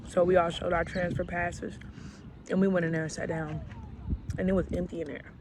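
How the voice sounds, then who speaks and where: A woman vlogger tells a story in a chatty, unhurried way, full of slang. She talks casually to her viewers. Loud outdoor and traffic noise sits clearly behind her voice. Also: fairly low pitch, flat delivery. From Alabama, US South. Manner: laid-back, slangy and chatty. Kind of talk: storytelling vlog.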